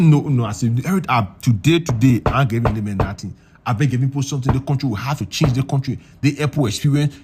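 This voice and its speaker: A young man telling a story in a casual, animated way, repeating words and acting out the voices of the people in it. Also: medium pitch, husky. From Liberia.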